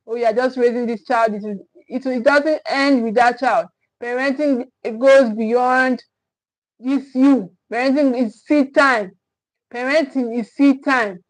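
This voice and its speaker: A woman's voice: high voice, low-quality recording. A woman giving a motivational parenting talk as a coach, emphatic and repetitive in a preacher-like way.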